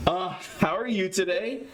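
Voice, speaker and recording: A young man hosting a live stream in casual chat, nervous and excitable, stammering and rambling. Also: sits high, takes it slowly, crowd noise. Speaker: streamer host.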